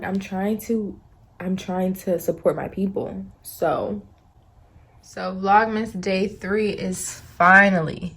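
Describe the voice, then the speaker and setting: A young woman vlogging casually to her phone camera, rambling through stories in a chatty, animated way. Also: mid-range voice, husky. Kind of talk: casual vlog chat.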